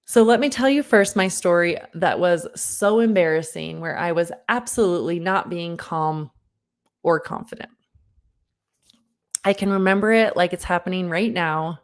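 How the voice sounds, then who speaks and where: A woman in her thirties, a parenting coach, giving an online workshop talk and telling a personal story with lively, earnest direct address to the listener. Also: on the low side, moderate pace. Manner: lively storyteller who acts out her own past lines.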